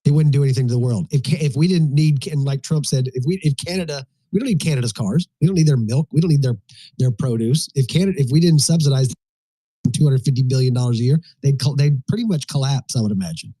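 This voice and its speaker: A man hosting a casual live panel talk, loose and joking, with halting restarts. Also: medium pitch, warm tone, slightly rough, no echo. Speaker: host.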